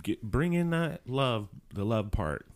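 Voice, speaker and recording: A man's voice: mid-range voice, big pitch swings, a little slow. A man co-hosting a podcast in casual chat, playful and joking, often trailing off mid-thought. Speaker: podcast co-host.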